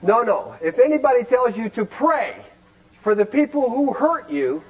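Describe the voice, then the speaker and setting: A man speaking to a recovery group in an animated lecture, firing rhetorical questions and sometimes shouting. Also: extremely high pitch, moderate pace, muffled recording.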